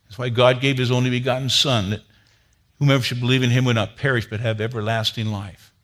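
A man preaching a sermon, telling a story with lively rises in energy and dropping to a low, earnest tone to make his point. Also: fast. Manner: animated storyteller, grows loud and high when excited, then drops to a low earnest tone. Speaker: pastor.

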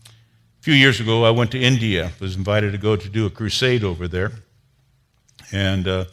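Pastor, animated storyteller. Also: male voice. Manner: animated storyteller, grows loud and high when excited, then drops to a low earnest tone. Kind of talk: sermon with personal storytelling.

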